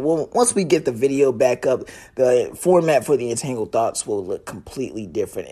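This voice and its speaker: A man's voice: on the low side, mellow, slightly rough. A young man hosting his own podcast, ranting casually in a rambling, profane way. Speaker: podcast host. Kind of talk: solo podcast rant.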